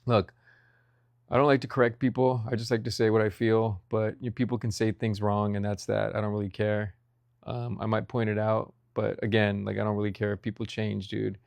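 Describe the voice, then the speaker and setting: A man's voice: on the low side, level tone, a little fast, gravelly, a little mellow, no echo. A young man vlogging about food in a rambling, profane rant, saying "dude" constantly. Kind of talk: casual ranting monologue.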